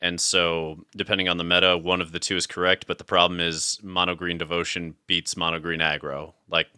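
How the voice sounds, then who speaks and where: A man with a low voice and a bright, forceful edge to it, talking through a card game match in loose, chatty banter. He reasons aloud, laughs often and keeps it relaxed. The sound is dry and close. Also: clean tone, no echo. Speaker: streamer playing a card game. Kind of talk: casual gaming chat.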